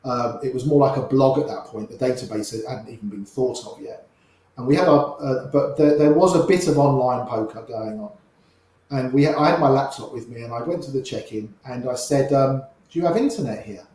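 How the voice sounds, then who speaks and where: A man's voice: mid-range voice, moderate pace, a little mellow, very echoey, low-quality recording. A middle-aged man telling chatty, wry anecdotes as a guest in an interview, often repeating himself mid-story. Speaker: interview guest, poker player.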